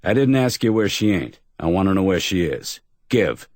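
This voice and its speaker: A man's voice: sits low, very animated, normal speed, a little mellow, dry recording, studio quality, voice pushed up. A man doing a curt, tough investigator. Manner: curt and demanding. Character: tough, blunt male private investigator.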